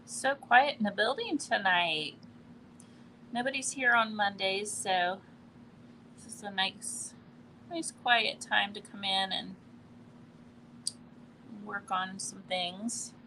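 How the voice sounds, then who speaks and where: A woman doing a live painting demonstration, relaxed and thinking aloud as she works, often trailing off mid-sentence. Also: mid-range voice, slow, pauses often, a little hiss or hum. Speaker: art instructor. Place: quiet indoor studio in a building.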